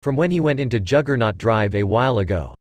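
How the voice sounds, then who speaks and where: A teasing, purring female cat-demon from a storybook reading, lively in her lilt as a man reads her lines. She speaks in a dry, close sound. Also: medium pitch, quick pace, no echo, lightly acted. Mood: playful.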